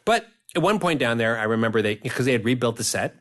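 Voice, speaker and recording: Man in his fifties, podcast guest, lively storyteller, laughs a lot, mid-pitched voice. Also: fast talker. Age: 50s. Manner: animated storyteller, laughs often. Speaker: guest actor. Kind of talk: casual podcast interview.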